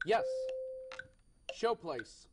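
A man's voice: very slow, background noise. A young man hosting a game show in a TV studio, with upbeat patter and frequent self-corrections.

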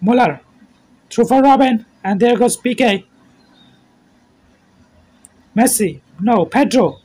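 A man's voice: very high voice, measured pace. A man giving play-by-play football commentary, calling out player names in short bursts and raising his voice at goals. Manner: terse name-calling play-by-play, shouts at goals.

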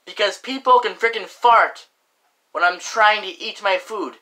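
Ranting indignantly to camera, a young vlogger speaks a little slowly in a high, bright, forceful voice, peppering his casual monologue with fillers, mild swearing, and repeated "like" and "frickin'". The recording is rough.

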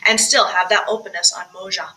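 A woman's voice: medium pitch, steady tone, fairly quick, bright, forceful tone, low-quality recording. A woman directing a choir rehearsal, explaining diction and breathing and singing short phrases to demonstrate. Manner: coaching, demonstrating sung phrases between spoken tips. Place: recorded alone for virtual choir practice.

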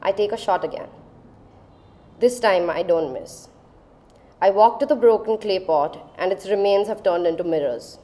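A woman, telling a personal story on stage in a dramatic, measured way. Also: mid-range voice, mellow. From India. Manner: dramatic, measured, lingering on phrases. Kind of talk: live storytelling performance.

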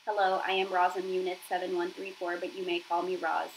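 A woman voicing a female robot mother who speaks in an even, formal and polite way. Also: on the low side, brisk, a little hiss or hum, close to an everyday voice, low-quality recording. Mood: earnest.

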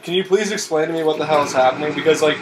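A man's voice: fairly high pitch, very fast, over music. A young man joking and teasing his friends during a let's play, laughing often. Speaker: friend commenting on a game. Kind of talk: casual let's-play chat. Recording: noisy home gameplay recording.

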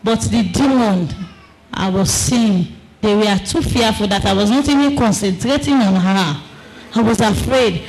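Slow, dramatic woman testifying. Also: mid-range voice, a little hiss or hum, rough recording. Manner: dramatic, emphatic, repeats phrases, bursts into shouting; non-standard English grammar. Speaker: preacher giving testimony. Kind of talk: emotional religious testimony.

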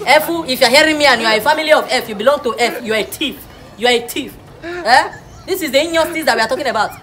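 A woman's voice: high-pitched, quick pace, a bit bright, some chatter behind. A woman playing a teacher in a comedy classroom sketch, lecturing preachily and laughing often. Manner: preachy, mock-serious lecturing with frequent laughs.

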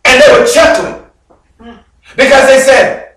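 A male bishop delivers a sermon in a high, very animated voice, taking his time over every phrase. He tells his story dramatically, alternating loud bursts with hushed drops. The sound comes from well back from the mic and rings around a very reverberant church hall. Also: slow, pauses often. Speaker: bishop preaching. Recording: very echoey hall, mic far off.

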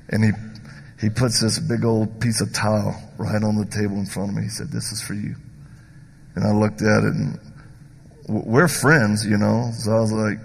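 A middle-aged evangelist with a Southern American accent tells stories in a folksy sermon, swinging from loud punchlines to hushed asides. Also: male voice, on the low side, gravelly, slight background noise. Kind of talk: storytelling sermon. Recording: long reverb of a large hall.

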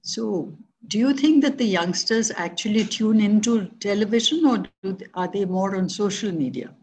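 A woman's voice: mid-range voice, lively intonation, moderate pace, darkish tone, husky, low-quality recording. A woman moderating a podcast panel and putting questions to the guests. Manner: probing, conversational questions.

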